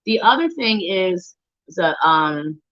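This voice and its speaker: Slow and animated, a woman with a fairly low-pitched voice gives tarot readings as a psychic on a live show. She chats playfully with viewers by name, humming and singing little tunes as she shuffles the deck, heard through dull lo-fi livestream audio.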